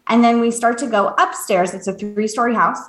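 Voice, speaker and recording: A woman with a somewhat high voice tells a story casually on a podcast. She is animated, laughs a lot, swears freely and acts out the voices of the people in her story. The room gives her voice a noticeable echo. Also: fairly quick. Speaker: podcast co-host and medium. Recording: echoey room.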